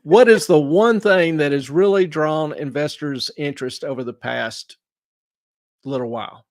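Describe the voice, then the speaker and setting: Fairly high-voiced man teaching investing. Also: moderate pace, no room sound, clean studio sound. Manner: folksy, teaching with questions and answers. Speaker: show host, investment adviser. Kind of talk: explaining investing in a studio chat.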